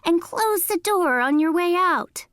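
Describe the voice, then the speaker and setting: Storybook villain: woman voicing a mean, hungry coyote, squeaky fake-granny voice, high and unhurried. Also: expressive, fairly bright tone, no echo, clean studio sound, heavily acted. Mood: fake-sweet. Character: mean greedy male coyote, sly and hungry. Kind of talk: storybook read-aloud.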